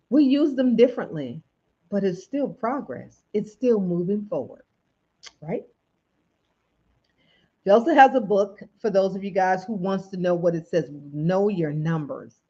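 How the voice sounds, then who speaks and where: Lively woman hosting a late-night livestream. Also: medium pitch. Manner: preachy, asks the audience questions, greets viewers. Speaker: livestream host. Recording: dull lo-fi stream audio.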